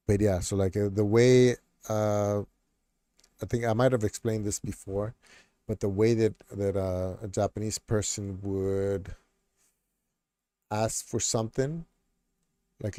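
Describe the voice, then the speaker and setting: A middle-aged man on a casual stream, speaking in a somewhat low, warm, mellow tone. He rambles, circling back with fillers and restarts. The sound is close and dry, with no room around it. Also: no room sound. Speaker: streamer host. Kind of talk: casual chat.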